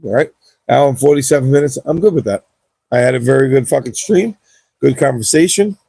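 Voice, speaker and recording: Young man, gaming livestreamer, casual chat, profane and rambling, gravelly, husky, cheap wireless mic. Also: mid-range voice, animated, a little fast, warm tone, no echo. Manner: profane, laid-back, rambling.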